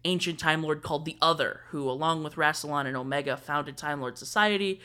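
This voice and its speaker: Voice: mid-range voice, brisk, sharp tone, smooth. A young adult reviewer, a guest on a podcast, explaining opinions in a thoughtful, casual way. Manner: thoughtful, explanatory, with frequent fillers. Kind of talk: casual fan discussion.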